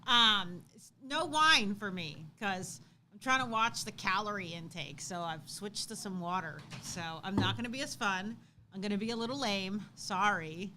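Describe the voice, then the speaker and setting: Bright-voiced woman telling a story. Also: medium pitch, moderate pace, a little hiss or hum. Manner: animated storytelling, acts out quotes loudly. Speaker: co-host. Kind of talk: casual chat on a livestream.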